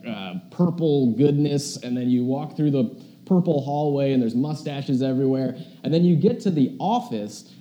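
A man's voice: medium pitch, highs cut off. A young man preaching a casual, chatty sermon, telling stories with lots of fillers. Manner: chatty, animated storytelling with many fillers. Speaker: pastor.

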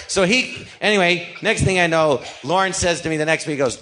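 A middle-aged man telling stories in a casual chat, acting out the people in them with quick voices. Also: sits high. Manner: animated, does voices of people in his stories. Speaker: podcast guest. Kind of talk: casual storytelling.

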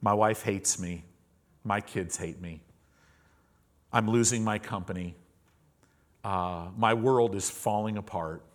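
Middle-aged businessman at the end of his rope, low and subdued, as a preacher puts him on. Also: slow pace, long pauses. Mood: despairing.

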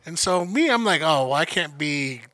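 Guy on a podcast, kinda high bright voice, dry mic, telling a wild story with lots of swearing. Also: animated, moderate pace, no room sound. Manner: profane, laid-back slang storyteller. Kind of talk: casual storytelling chat.

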